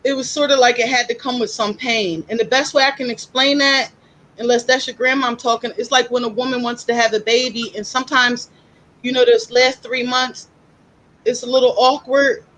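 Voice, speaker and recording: A high-voiced woman chatting through psychic readings on a live stream. She tells stories in an animated way and talks freely. Her delivery is casual and conversational. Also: brisk, slight background noise, rough recording. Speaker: psychic reader, co-host.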